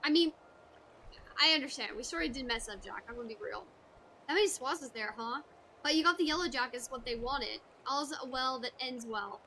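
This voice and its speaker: A woman reading a gruff male pirate guildmaster's game dialogue aloud, with salty seafaring speech. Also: high voice, fairly quick, bright, forceful tone, a little hiss or hum. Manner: salty seafaring speech, calls others lass.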